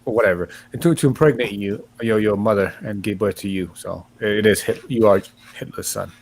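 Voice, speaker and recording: A man's voice: lowish voice, a little fast, creaky, a little mellow, slight background noise, low-quality recording. A man joining a stream chat, teasing crudely and rambling through silly stories. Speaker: stream guest. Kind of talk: casual banter on a stream.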